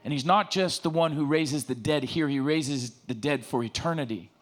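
A middle-aged man preaching a casual sermon, lively and joking, retelling scripture in everyday slang. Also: a little high, moderate pace.

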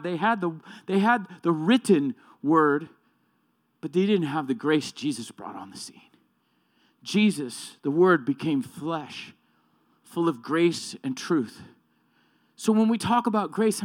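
Emphatic male preacher, fairly high voice. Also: fairly bright tone. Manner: emphatic, repeats and corrects himself. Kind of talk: sermon.

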